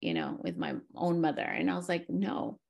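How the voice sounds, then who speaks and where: A woman hosting a casual conversation who switches between English and Spanish mid-sentence, animated and quick to laugh. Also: low-pitched, vocal fry.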